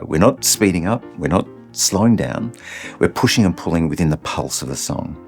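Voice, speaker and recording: A man with a very low voice gives a singing lesson, his pitch rising and falling with lots of expression. He explains each technique step by step, with soft music faintly under him. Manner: explains clearly, breaks off to sing short demonstrations. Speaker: singing teacher. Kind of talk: instructional video on singing technique.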